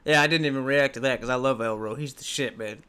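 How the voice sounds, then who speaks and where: A man's voice: mid-range voice, fast talker, very noisy. A man hosting a reaction video, casually exclaiming, swearing and laughing as he comments on a rap track.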